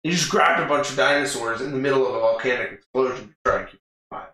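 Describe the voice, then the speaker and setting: A man's voice: mid-range voice, fast, sharp tone. A man co-hosting a podcast, casually recapping a movie in a rambling way, laughing often and swearing freely. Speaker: podcast co-host. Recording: echoey room.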